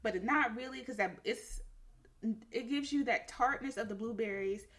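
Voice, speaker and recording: A woman's voice: on the high side, normal speed, fairly bright tone. A woman hosting a podcast, chatty and giggly in casual chat. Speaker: podcast host.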